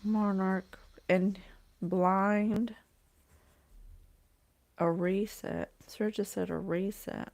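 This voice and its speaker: Woman host with a slow, gravelly voice. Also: mid-range voice, steady tone, a little mellow. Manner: slow, halting, repeats phrases while relaying spirit messages. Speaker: psychic reading host. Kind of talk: thinking-aloud channeled reading.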